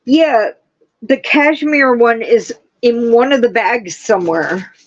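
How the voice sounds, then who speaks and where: A woman hosting a casual livestream, chatting and gushing with excitement. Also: on the high side, takes it slowly, highs cut off. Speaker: livestream host. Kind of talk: casual chat.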